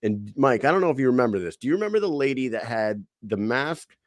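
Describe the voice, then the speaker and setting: A man hosting an interview podcast, telling stories in a lively, casual way. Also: medium pitch, fast talker, dry recording, clean studio sound. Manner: storytelling, animated. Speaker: podcast host.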